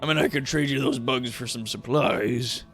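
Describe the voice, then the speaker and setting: A man voicing a calm, amused male orc chieftain with a long beard, speaking in a dry, deliberate way in a tabletop game. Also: mid-range voice, gravelly, soft background music. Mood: wry.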